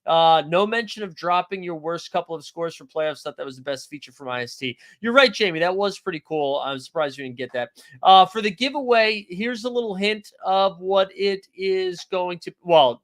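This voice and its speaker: A man runs a fantasy basketball livestream, chatting loosely and jokingly as he reads viewer comments and greets people by name. His voice is fairly high and fairly bright, at a normal speed.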